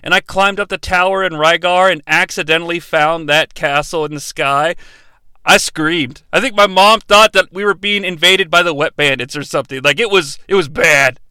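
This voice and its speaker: A man's voice: a little high, normal speed, pushed and bright, smooth, no echo. A man hosting a comedic bad-movie podcast, ranting in a profane, sarcastic way. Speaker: podcast host.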